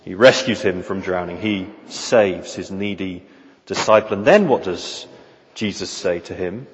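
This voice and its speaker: Slow, low-voiced male preacher. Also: a little hiss or hum. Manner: earnest, measured, rhetorical questions. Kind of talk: sermon. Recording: reverberant hall, dull lo-fi sound.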